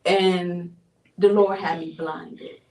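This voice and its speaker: A woman from Buffalo, New York sharing a personal testimony as an interview guest, telling her story in an animated way with frequent laughs. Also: on the low side, slow pace. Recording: roomy sound from a distant mic.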